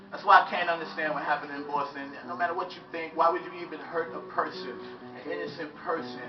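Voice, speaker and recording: A man's voice: a little high, reverberant. A man performing spoken word, telling a casual story to a live audience. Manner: conversational, loud when acting out shouts. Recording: lo-fi live recording from a distance.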